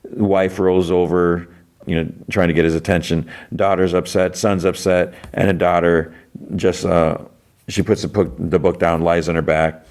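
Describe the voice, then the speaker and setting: A man hosting a podcast, casually retelling an episode with lots of fillers and quick quoted lines. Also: deep voice, level tone, a little mellow. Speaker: podcast host.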